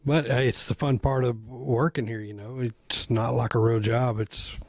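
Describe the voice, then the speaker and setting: A man's voice: medium pitch, fairly even intonation, normal speed, no echo. Chatty shop-owner host, man. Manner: friendly, chatty, with frequent fillers. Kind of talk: casual interview chat.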